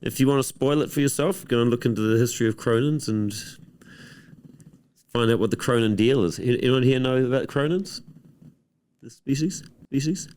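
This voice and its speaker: This New Zealand-accented director, a man with a clean, mid-range voice, talks a little fast. Interviewed on stage, he's loose and rambling, with dry, deadpan humor.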